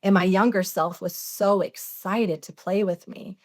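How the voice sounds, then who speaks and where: A woman's voice: medium pitch, fairly even intonation, unhurried, darkish tone. A woman in her forties, a podcast guest, earnestly retelling a personal experience, acting out the dialogue as she goes. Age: 40s. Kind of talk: personal storytelling interview.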